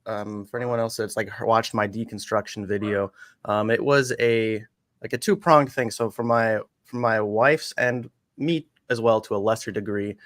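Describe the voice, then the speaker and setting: A male guest in casual chat, telling his story in a relaxed way with mild swearing. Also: on the low side, normal speed, no room sound.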